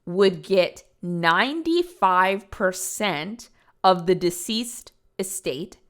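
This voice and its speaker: A woman's voice: mid-range voice, lively intonation, takes it slowly, fairly bright tone. A young adult woman hosting a podcast, telling a true-crime story casually and emphatically, swearing now and then. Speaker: podcast host.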